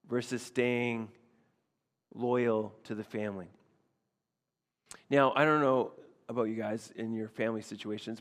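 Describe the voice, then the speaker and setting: A pastor with a medium-pitched voice preaches an expository sermon in a big hall. His style is chatty and repetitive, and he keeps tossing in "right?" to check in with his listeners.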